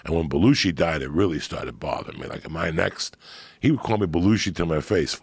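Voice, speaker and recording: A middle-aged man telling profane stories in a casual chat, getting animated as he goes. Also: deep voice, brisk, vocal fry, husky, no echo.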